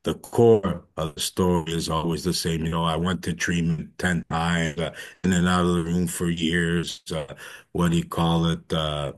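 A man with a very low, deep voice tells his own recovery story to a meeting. He speaks haltingly, with frequent fillers and false starts. He brings remembered conversations to life by quoting them. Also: level tone. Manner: halting, many fillers and restarts; acts out dialogue in quotes. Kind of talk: personal testimony talk.

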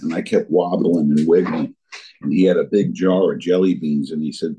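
An older man shares his recovery story with earnest conviction. He recounts remembered conversations in a deep, dark, husky voice. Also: steady tone, moderate pace, low-quality recording. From New Jersey area. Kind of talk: personal testimony talk.

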